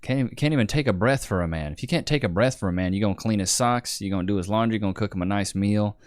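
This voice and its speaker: A man's voice: lowish voice, fast talker, clear, resonant tone, dry recording. A man hosting a reaction video, mocking the clips in casual slang.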